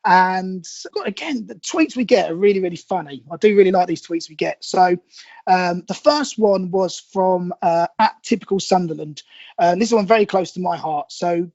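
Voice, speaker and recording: A man's voice: high voice, moderate pace, a little mellow, no echo, muffled recording. A man with a London accent hosting a casual podcast chat, chatty and laughing as he reads listener messages aloud. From southern England. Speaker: podcast host.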